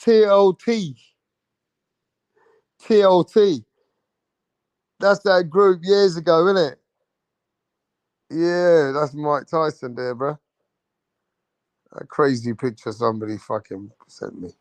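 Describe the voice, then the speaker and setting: A man's voice: a little high, slow, pauses often, darkish tone, no room sound. A man hosting a boxing show, chatting casually and slangily straight to his viewers. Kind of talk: casual livestream chat.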